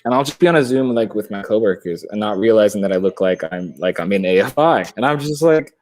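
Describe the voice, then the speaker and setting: A man's voice: fairly low pitch, animated, fast talker, darkish tone. A young man on a video call, chatting casually and rambling, laughing often and swearing. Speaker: podcast guest.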